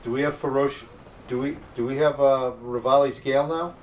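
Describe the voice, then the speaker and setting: A man's voice: mid-range voice, fairly even intonation, brisk. A man playing a video game with his child, chatting casually and joking around, often trying out French words. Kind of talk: casual gaming chat. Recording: distant mic with faint background noise.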